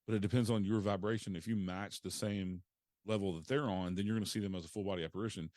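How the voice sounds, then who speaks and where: Deep-voiced man explaining calmly. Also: no echo, studio quality. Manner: explanatory, steady, frequent fillers. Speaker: paranormal investigator guest. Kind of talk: casual interview conversation.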